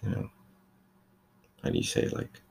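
A young man who works at a fast-food shop, talking in a loose, chatty rant about rude customers. He swears freely and fills his talk with "like" and "you know". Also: a little mellow. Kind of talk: casual ranting monologue.

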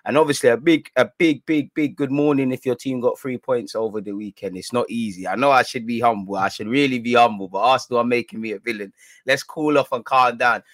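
A young man banters at the camera in a playful, teasing fan vlog, full of street slang. His voice sits in an ordinary middle pitch. The sound is dry and close, with no room echo. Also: brisk, fairly bright tone. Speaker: football vlogger. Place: indoors in front of a green screen.

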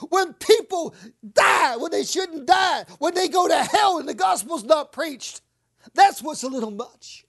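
A woman preaching an impassioned sermon, swinging between fervent shouts and hushed whispers. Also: very high voice, big pitch swings, measured pace.

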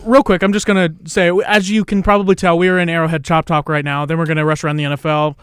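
A young man hosting a casual sports podcast, excitable and quick to hype things up. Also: fairly high pitch, clear, resonant tone, no room sound, clean studio sound. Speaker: podcast host. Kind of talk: casual chat.

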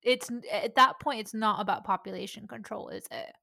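A woman's voice: medium pitch, fairly quick, creaky, bright, forceful tone. A woman chatting casually, mostly reacting to her friend with short replies. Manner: reactive listener, short responses. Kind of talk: casual chat.

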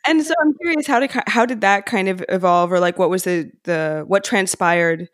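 A woman's voice: mid-range voice, normal speed, dry recording, studio quality. A woman co-hosting a podcast, asking curious, searching questions in a casual, friendly way. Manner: warm, curious, laughs often. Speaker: co-host. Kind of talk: casual interview talk.

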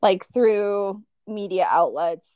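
A woman's voice: mid-range voice, takes it slowly, a little mellow, clear, resonant tone, no room sound. A young woman co-hosting a podcast, chatting casually and animatedly, with lots of laughter and filler words. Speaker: podcast co-host. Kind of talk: casual chat.

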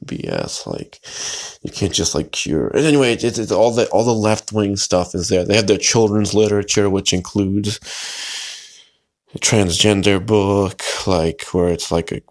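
A man's voice: lowish voice, lively intonation, moderate pace. A man hosting a solo podcast, talking in a rambling, hesitant way with many fillers and restarts. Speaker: podcast host.

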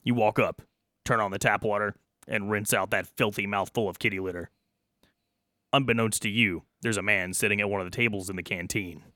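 A man's voice: on the low side, fairly even intonation, fairly quick, bright, forceful tone, no echo. Man narrating as game master, dry sound. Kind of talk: narrating a comedy tabletop game.

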